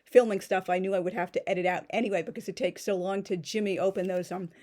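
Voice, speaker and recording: A woman's voice: lowish voice, fairly even intonation, quick pace, a little mellow. A woman in her thirties chatting casually through an unboxing, rambling with many fillers and restarts. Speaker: pen vlogger.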